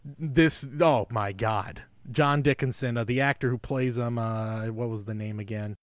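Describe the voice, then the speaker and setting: A man co-hosting a podcast, chatting in an animated, enthusiastic way with lots of fillers. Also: mid-range voice, unhurried, no room sound, studio quality. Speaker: podcast co-host. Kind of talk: casual film discussion.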